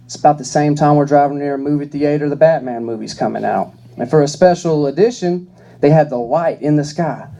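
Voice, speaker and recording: A young man doing stand-up, telling stories in a profane, deadpan, conversational way. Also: a little high, brisk. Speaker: stand-up comedian. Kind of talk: stand-up comedy storytelling.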